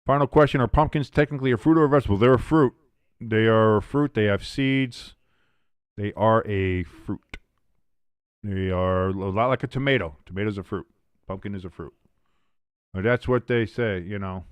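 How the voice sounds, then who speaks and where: Low-ish guy hosting a game watch-along, rambly, lots of uh and like, swears casually, dry sound. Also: normal speed, clean tone, no echo. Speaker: host of a sports watch-along stream. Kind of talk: casual chat with play-by-play calls.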